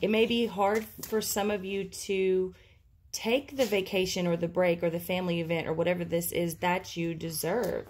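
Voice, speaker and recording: A woman's voice: fairly low pitch, flat delivery, moderate pace, a little mellow. A woman giving an intuitive tarot reading, talking casually and thinking aloud with many fillers. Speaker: tarot reader.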